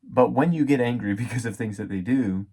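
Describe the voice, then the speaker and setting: A man in his thirties giving a casual, reflective devotional talk about parenting as a father, halting with many fillers. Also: medium pitch, dark tone, breathy edge. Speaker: faith vlogger and dad.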